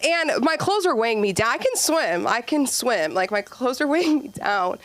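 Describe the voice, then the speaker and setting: A woman's voice: expressive, moderate pace, no room sound. Chatty young woman doing stand-up. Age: 20s. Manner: chatty, rambling, acts out kids in squeaky voices. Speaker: open mic comedian. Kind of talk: stand-up comedy set. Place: comedy club stage.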